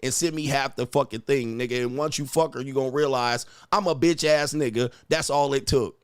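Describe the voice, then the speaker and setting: A man's voice: medium pitch, steady tone, fairly quick, smooth, no echo, clean studio sound. A man hosting a livestream, berating his viewers in a profane rant full of insults and repeated taunts. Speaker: livestream host and dating coach. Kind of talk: ranting at live chat.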